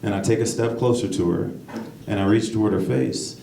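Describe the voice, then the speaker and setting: A stand-up comedian, a man with a gravelly edge to his voice, working the crowd with loose asides. He is picked up from a distance in a roomy club, with noise running under his voice. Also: fairly low pitch, fairly even intonation, brisk, warm tone. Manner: conversational, jokey asides to the crowd. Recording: echoey club, mic heard from a distance, noisy. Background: audience laughter.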